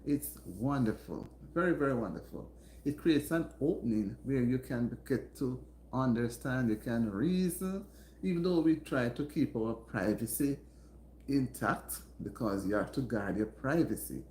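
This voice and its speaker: A woman hosting a casual home livestream, chatting warmly and greeting her viewers by name. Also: rumbling low, animated, unhurried, reverberant, a little hiss or hum. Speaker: livestream host. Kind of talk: casual live-stream chat with viewers. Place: indoors at home.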